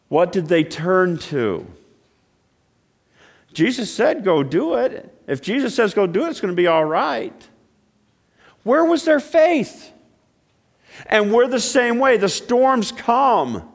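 A man preaching a sermon, telling stories and asking questions, swinging between loud exclaiming and hushed, quiet passages. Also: high voice. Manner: storytelling with repeated restarts and rhetorical questions. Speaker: pastor.

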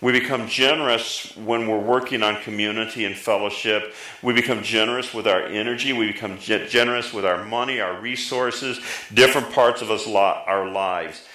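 A middle-aged man preaching a sermon as pastor, lively, often rising in pitch for emphasis and drawing answers from the congregation. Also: moderate pace, few pauses, echoey room, rough recording. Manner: lively, pitch jumping up for emphasis, talks back and forth with the congregation.

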